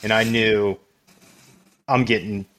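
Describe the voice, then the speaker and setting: A man's voice: on the low side, steady tone, slow pace, crowd noise. A man co-hosting a podcast, telling a crude childhood story casually and laughing often as he goes. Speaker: podcast co-host. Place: small studio room.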